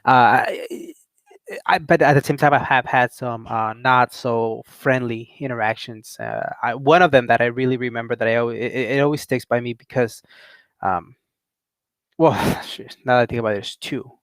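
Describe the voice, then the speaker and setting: A man's voice: medium pitch, normal speed, dry recording. Rambling young man telling a story. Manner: rambling, laughs often, animated when quoting others. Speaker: channel host. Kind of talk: casual storytelling rant.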